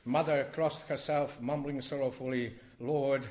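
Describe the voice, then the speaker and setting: A man reading his own poem to a live audience, with expressive rises and drops in his voice. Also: measured pace. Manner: expressive, wide swings in pitch and loudness. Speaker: poet reading his work. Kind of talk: poetry reading.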